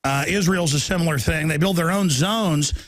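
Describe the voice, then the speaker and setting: A man hosting a talk show interview, talking in halting bursts with stammering restarts. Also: a little high, fairly bright tone, slight background noise.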